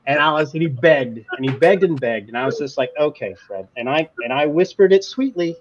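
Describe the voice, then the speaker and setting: A man's voice: on the high side, a little fast, lo-fi sound, slight background noise. A man playing guitar in a band, telling studio stories in a joking, boastful way during a casual chat.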